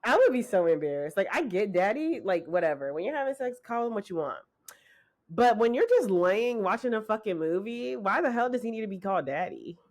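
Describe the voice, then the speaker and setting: A woman's voice: mid-range voice, sing-song, brisk. Blunt, profane woman co-hosting a podcast. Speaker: podcast co-host. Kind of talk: casual chat.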